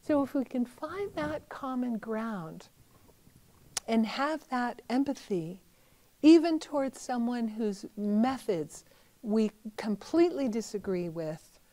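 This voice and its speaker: A middle-aged woman speaks as a Buddhist teacher in a calm, reflective talk, pausing and searching for words as she goes. Her voice sits fairly high but has a mellow, soft tone. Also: poor audio. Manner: gentle, thoughtful, conversational with fillers.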